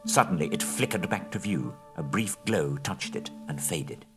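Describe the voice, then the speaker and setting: A man giving expressive, dramatic audiobook narration of a fantasy story, building to loud, tense peaks. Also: deep voice, normal speed, few pauses, breathy edge. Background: faint music.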